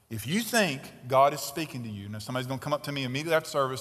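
A man preaching a sermon as pastor, emphatic, with loud stresses and quiet asides. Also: mid-range voice, animated, racing, few pauses, in a large hall. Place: church sanctuary.

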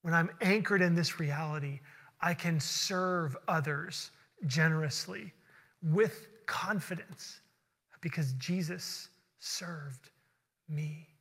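A male pastor with a high, bright, ringing voice preaches in a church sanctuary. He tells his story with earnest conviction and speeds into excited rushes when it grows tense. A long reverb tail hangs after each phrase. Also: breathy edge. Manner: earnest storytelling, building to fast excited bursts. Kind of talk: sermon with personal story.

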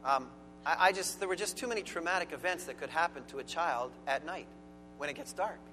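A man's voice: a little high, brisk. A man preaching a sermon as pastor, earnest and emphatic, stressing key words. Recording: long hall reverb with faint music.

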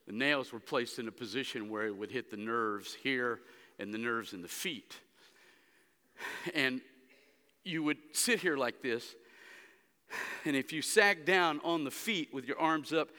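A pastor preaches a sermon forcefully in an echoing church sanctuary, his medium-pitched voice carried by a long hall reverb. The delivery is dramatic, moving back and forth between hushed moments and loud, emphatic runs.

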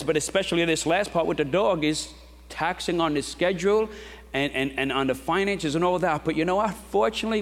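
A middle-aged man preaching a sermon in a conversational storytelling style, with rhetorical questions to the congregation. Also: high voice. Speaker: pastor. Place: church sanctuary. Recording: long reverb of a large hall.

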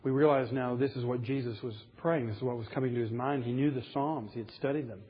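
A man's voice: medium pitch, fairly even intonation, fast, husky, dull audio. A man preaching a sermon, earnest and rising to emphatic passages as he reads scripture aloud. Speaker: pastor.

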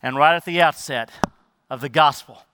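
A man preaching a sermon as pastor, speaking emphatically and then dropping into soft, low asides. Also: normal speed, clear, resonant tone, no echo.

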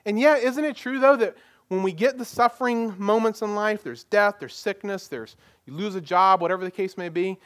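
High-voiced pastor preaching. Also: male voice, moderate pace, a bit bright. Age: adult parent. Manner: rhetorical questions, plain conversational preaching. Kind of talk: sermon.

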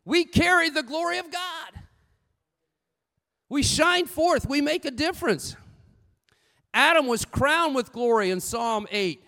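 A man preaching a sermon with lively storytelling, swinging between loud bursts and hushed asides. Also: very high voice, measured pace, pauses often, long reverb tail.

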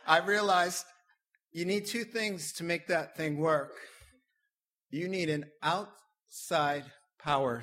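A man preaching a sermon as pastor, emphatic and swinging from quiet to loud. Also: a little high. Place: church.

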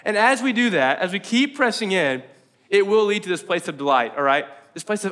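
A man's voice: sits high, expressive, a little fast, a bit bright. A man preaching a casual, joking sermon to his church, talking conversationally and laughing often. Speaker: pastor.

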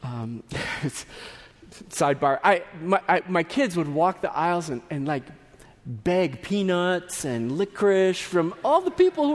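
A male pastor preaches in a chatty, storytelling way, full of asides and restarts. His voice sits a bit higher than most men's. Long reverb from a large sanctuary hangs behind him. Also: sing-song, unhurried. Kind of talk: sermon.

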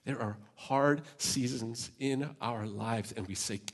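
Brief: male preacher, medium pitch, heartfelt sermon, swings from quiet reflection to urgent, with self-mocking humor. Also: slow pace, slightly rough. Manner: earnest and emotional, with self-deprecating asides. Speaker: pastor. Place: church service.

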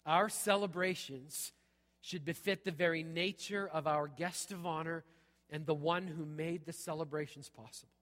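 High-voiced pastor in a reverberant hall. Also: male voice, steady tone, moderate pace, fairly bright tone. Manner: punchy, repeats "okay?" often. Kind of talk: sermon. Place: church sanctuary.

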